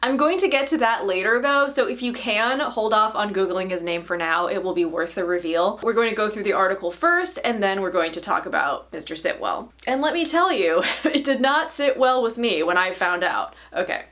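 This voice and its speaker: A woman hosting a vegan vlog, talking in an animated, sarcastic way and laughing often. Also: medium pitch, normal speed, hardly any pauses. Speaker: vegan YouTube host. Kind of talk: casual vlog commentary.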